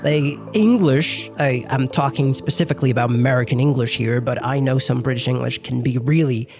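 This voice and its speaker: A man's voice: medium pitch, fairly quick, music in the background. A young man giving a casual English lesson, talking loosely with lots of fillers and the odd swear word. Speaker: English teacher.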